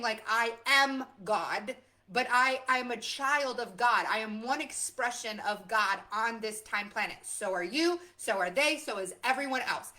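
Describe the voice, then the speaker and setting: A woman's voice: on the high side, sharp tone. A woman hosting her own live stream, talking off the cuff in an impassioned, rambling way with lots of emphatic repetition. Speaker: host of a motivational live stream. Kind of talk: unscripted live stream monologue.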